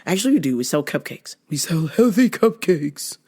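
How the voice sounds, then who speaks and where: Foul-mouthed, animated woman telling stories. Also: low-pitched, normal speed, breathy edge. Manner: profane, animated, laughing often. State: hoarse from a cold. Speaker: vlogger. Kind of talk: casual storytelling rant.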